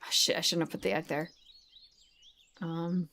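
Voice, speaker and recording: A young woman streaming a board video game, thinking aloud in soft, mumbling casual commentary. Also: on the low side, level tone, moderate pace, slight background noise.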